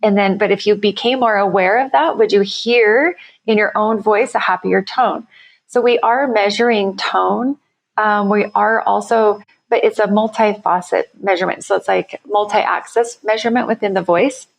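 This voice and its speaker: A woman speaks with a gravelly, fry-laden edge in a mid-range voice. She is a company founder talking on a podcast interview, explaining her ideas with enthusiasm and the odd restart. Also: mid-range voice, steady tone, moderate pace. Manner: enthusiastic, explanatory, self-correcting.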